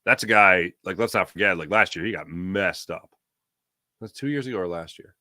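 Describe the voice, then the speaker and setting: A man hosting a sports talk show, reading an ad and the live chat in a jokey, animated way. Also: deep voice, brisk, no echo, clean studio sound. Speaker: podcast host.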